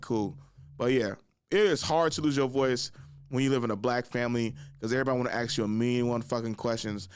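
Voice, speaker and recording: Hoarse young guy rambling thru a story on his pod, swears a lot, dry close sound. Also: mid-range voice, no echo. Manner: animated, swears a lot, acts out voices loudly. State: hoarse from lost voice. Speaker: podcast host. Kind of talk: casual storytelling.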